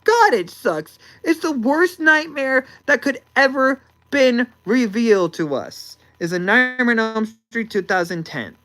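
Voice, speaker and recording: A woman's voice: on the high side, expressive, a little slow, few pauses, a bit bright, rough recording. A young woman ranting about a movie, exasperated, sighing and repeating words as she talks.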